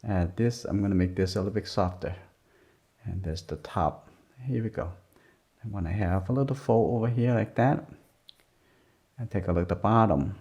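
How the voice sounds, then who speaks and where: A man with a deep, gravelly, mellow voice talks an art lesson through as he draws. He murmurs in short, simple, broken phrases. The recording is dull and lo-fi. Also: moderate pace, pauses often. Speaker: art teacher. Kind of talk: drawing lesson narration while working. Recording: dull lo-fi sound.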